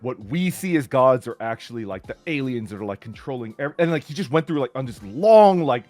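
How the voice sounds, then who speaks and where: With faint music beneath him and no room sound, a middle-aged streamer with a mid-range, darkish voice tells camping and cycling stories fairly quickly and animatedly. He speaks casually in loose, restarting sentences peppered with "like."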